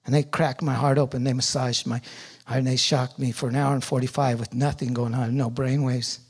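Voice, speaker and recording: A middle-aged man giving a sermon testimony, telling his story with animated energy that rises loud at its peaks. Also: medium pitch, fairly quick, breathy edge. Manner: animated storytelling, rising loud when reliving pain.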